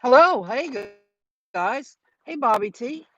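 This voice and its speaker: A woman's voice: on the high side, expressive, measured pace, a bit bright, no room sound, lo-fi sound. Chatty woman live-streaming from her car. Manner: chatty, rambling, talks straight to viewers. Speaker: vlogger hosting a live stream. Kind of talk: casual live-stream storytelling. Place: in her car while driving.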